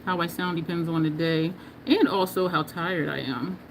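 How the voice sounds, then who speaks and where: A woman's voice: lowish voice, fairly even intonation, normal speed, a little hiss or hum. A woman from New Jersey with a New Jersey and New York accent, chatting casually with viewers while doing her makeup on a livestream and laughing often.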